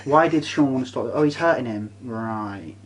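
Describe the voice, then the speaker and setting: A man's voice: mid-range voice, expressive, normal speed, a little hiss or hum, poor audio. A man in casual chat, ranting and swearing, repeating himself for effect.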